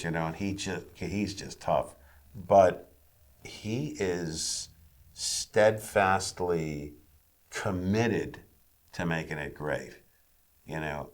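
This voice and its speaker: A man, a screenwriter, speaking frankly and bluntly in a casual interview, swearing now and then. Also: low-pitched.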